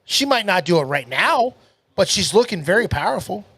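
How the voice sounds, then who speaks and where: A man with a notably high voice argues his wrestling takes on a casual podcast. He interrupts and teases his co-hosts, recorded close and dry over a video call. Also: big pitch swings, moderate pace, pushed and bright, breathy edge, no echo. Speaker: podcast co-host. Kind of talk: casual wrestling review chat.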